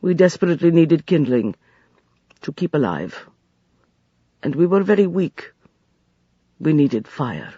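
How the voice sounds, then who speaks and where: A man voicing a grave, gentle desert traveler who speaks slowly and solemnly in an audiobook. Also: on the high side, big pitch swings, slightly rough, no echo, dull audio, exaggerated voice. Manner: slow and solemn, soft-spoken. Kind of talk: audiobook character voice.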